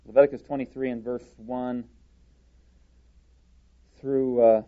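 A man preaching a sermon from a church podium, deliberate and halting, with frequent restarts. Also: mid-range voice, flat delivery, phone-quality sound.

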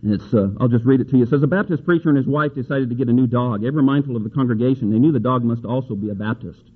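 A man delivers a folksy sermon and reads scripture aloud. His voice climbs to an emphatic pitch on the key verses. The sound is thin and tinny, like a phone line. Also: rapid-fire, breathy edge. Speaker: preacher.

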